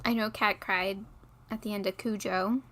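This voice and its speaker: A woman co-hosting a casual livestream chat, laid-back and laughing softly between remarks. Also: mid-range voice, fairly even intonation, moderate pace. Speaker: co-host.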